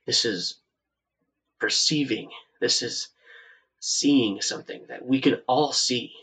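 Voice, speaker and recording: A man voicing an eccentric, haunted woman mentor in a tabletop game, speaking in a hushed, coaxing way. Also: medium pitch, takes it slowly, gravelly, breathy edge, heavily acted, poor audio.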